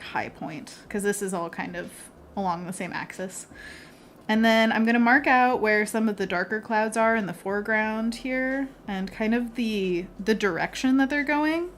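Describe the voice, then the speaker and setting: A woman's voice: medium pitch, a bit bright, a little hiss or hum. A woman illustrator hosting a live painting stream, chatty and bubbly, laughing often as she talks through her work. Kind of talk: casual live painting chat.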